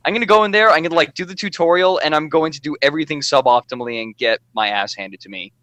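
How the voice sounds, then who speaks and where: A man's voice: a little high, fast, a bit bright, no room sound. A young man chatting casually on a livestream, rambling and poking fun at himself, with lots of "like". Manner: rambling, self-deprecating, lots of filler "like". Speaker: streamer and show regular.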